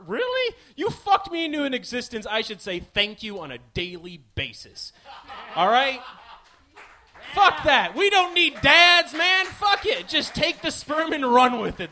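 A man's voice: very high voice, very animated, a little slow, pushed and bright. A man in his twenties from the American Midwest, hosting a podcast with a rambling, profane, self-mocking comedic monologue. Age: 20s. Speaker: podcast host.

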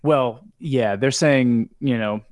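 A man's voice: medium pitch, slow, darkish tone, dry recording, studio quality. A man from New York chatting casually as a podcast co-host and telling stories in a laid-back way. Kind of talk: casual chat.

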